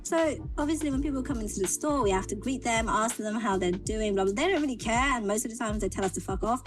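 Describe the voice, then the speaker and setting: Brief: young British woman, animated storyteller, slightly high pitch. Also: quick pace, music in the background. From Britain. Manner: animated storyteller, acts out quotes. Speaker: guest. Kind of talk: casual chat.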